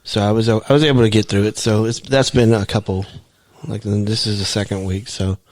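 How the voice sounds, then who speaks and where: Low-voiced rambling podcast co-host, man. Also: steady tone, a little mellow, dry recording. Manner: rambling, halting, frequent restarts. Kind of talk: casual chat.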